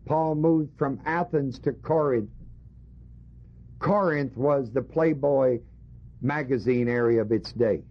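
Speaking slowly with long pauses, a male preacher of medium pitch teaches a Bible passage to his congregation. The sermon is emphatic and peppered with rhetorical questions, and the audio is dull and lo-fi.

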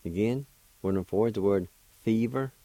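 Low slow man teaching pronunciation on the radio, careful repeats, dry close sound. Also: mellow, no echo, poor audio. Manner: careful, deliberate, repeats syllables slowly. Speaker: radio host teaching Cherokee words. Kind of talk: slow spelling and pronunciation lesson.

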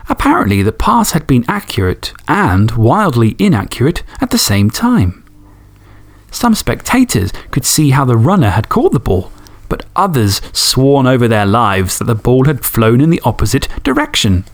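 A man's voice: medium pitch, sing-song, normal speed. A man hosting a podcast, reading fan stories and chatting enthusiastically, swearing casually. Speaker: podcast host.

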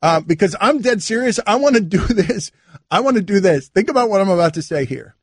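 A man hosting a sports radio show, talking casually in an animated, mock-exasperated way from a studio. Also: high voice, a little fast, breathy edge, dry recording. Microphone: studio mic.

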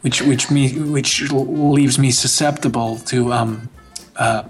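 A man playing a troubled male FBI agent in recovery who talks in an earnest, halting, therapy-speak way. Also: mid-range voice, fairly even intonation, breathy edge, soft background music.

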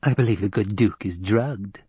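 A man's voice: fairly low pitch, normal speed, mellow, breathy edge, no echo. A man voicing a silky, scheming male advisor who hesitates and defers to his lord. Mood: deferential.

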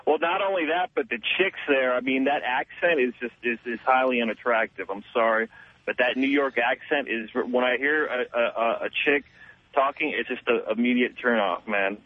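A man's voice: medium pitch, moderate pace, dry recording. A man from Los Angeles calling in to a radio show, talking bluntly and rambling with lots of fillers and restarts. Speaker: caller. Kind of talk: call-in talk radio. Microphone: telephone. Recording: tinny phone line.

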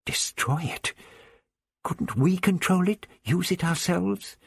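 A man's voice: high-pitched, expressive, takes it slowly, creaky, slightly rough, no echo, pitched above the performer's own voice, exaggerated voice. A man voicing an eager young woman companion in an audiobook, lifting his voice for her questions. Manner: raised, eager voice for a female role.

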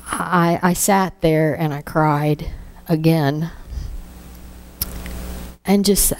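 A woman giving an emotional spoken testimony, halting and repeating her words, sometimes dropping to a hush. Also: deep voice, steady tone, slight background noise.

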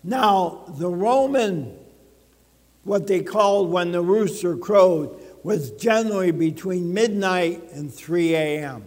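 In a church sanctuary, a pastor delivers a sermon in a voice that sits high for a man, a little mellow and unhurried. He preaches emphatically and checks in with his congregation, with a long hall reverb trailing his words.

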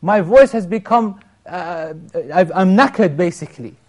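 A man teaching an Islamic lesson, retelling a story with animated restarts and Arabic phrases. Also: high voice, normal speed.

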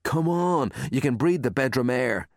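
A man voices a whiny, sulky young boy full of disapproval. The lines come out in a pleading whine with a lively swing, recorded dry and close. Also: medium pitch, moderate pace, no room sound, pitched above the performer's own voice, close to an everyday voice. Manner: whining, sulky.

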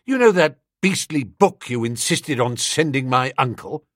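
A man voicing an excitable, agitated young man who talks in loud exclamations. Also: medium pitch, unhurried, no room sound, studio quality.

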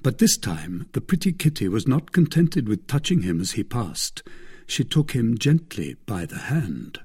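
A man narrating a classic novel as an audiobook, with an expressive, measured reading. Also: on the low side, slightly rough.

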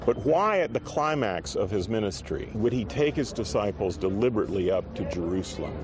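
A man explaining in a documentary interview, thoughtful, listing points with small pauses. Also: fairly low pitch, animated, noisy background. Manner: thoughtful, lists points with fillers. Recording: documentary clip with music under it.

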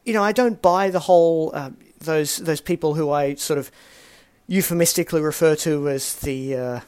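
A man's voice: fairly high pitch, normal speed, a little mellow, clean tone. A man hosting a casual solo podcast, talking in a chatty, self-deprecating way full of rambling asides. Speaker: podcast host.

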